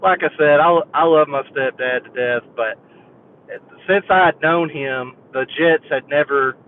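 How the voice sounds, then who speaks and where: A man's voice: fairly high pitch, unhurried. A man calling in to a sports show, telling a rambling fan story and laughing as he goes. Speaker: caller. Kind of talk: phone-in chat. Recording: tinny phone line with faint hiss.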